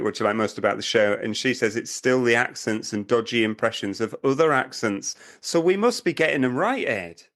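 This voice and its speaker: A man's voice: medium pitch, fairly bright tone. A middle-aged man co-hosting a podcast, reading listener reviews and teasing his co-host with frequent laughter. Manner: giggly, teasing, laughs often.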